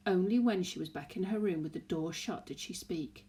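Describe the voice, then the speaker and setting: A woman's voice: lowish voice, moderate pace, few pauses. Woman reading a children's novel aloud. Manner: expressive, storytelling. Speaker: narrator.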